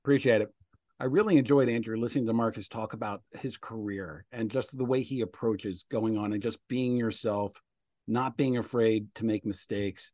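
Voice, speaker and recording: A man's voice: lowish voice, fairly even intonation, moderate pace, warm tone, dry recording. Easygoing male podcast host, dry sound. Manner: easygoing, teasing. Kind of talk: casual chat.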